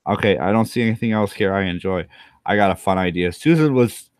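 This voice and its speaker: A man's voice: sits low, fairly even intonation, fast, clear, resonant tone, dry recording, clean studio sound. A tipsy man hosting his own channel, rambling through crude, self-mocking commentary as he drinks. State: tipsy from rum. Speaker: channel host.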